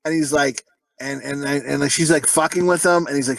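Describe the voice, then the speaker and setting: A man's voice: on the high side, steady tone, brisk, gravelly, no echo, poor audio. A man co-hosting a podcast, riffing crudely and rambling, full of swearing and sudden put-on voices. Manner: profane, rambling, breaks into voices and giggles. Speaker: podcast co-host.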